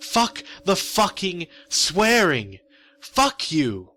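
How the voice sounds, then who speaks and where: A man's voice: high voice, huge pitch swings, extremely slow, sharp tone, voice pushed up, heavily acted. A man voicing a furious middle-aged daughter who screams and swears.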